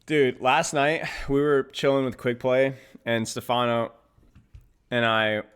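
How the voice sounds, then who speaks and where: While streaming and coaching a game, a man chats loosely and ramblingly with viewers, giggling and breaking into laughter often. His mid-range voice is clear and resonant, steady and fairly bright, with a slightly slow pace.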